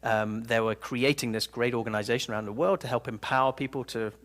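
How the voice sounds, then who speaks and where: A man giving a live seminar talk to an audience in a room, telling stories in an animated, playful way. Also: medium pitch, fast. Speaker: personal development speaker.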